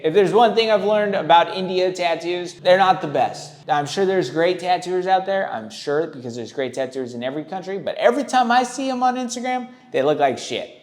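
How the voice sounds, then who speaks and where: A man hosting, giving blunt, profane, rambling commentary on tattoos. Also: sits high. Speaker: tattoo reaction host.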